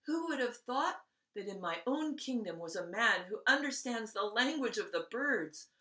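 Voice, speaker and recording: A woman doing a sleepy, booming old tsar. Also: expressive, moderate pace, pushed and bright, echoey room, distant mic. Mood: delighted. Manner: booming proclamations, drowsy sighs. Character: grand old male tsar, sleepy and imperious. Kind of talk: storybook read-aloud.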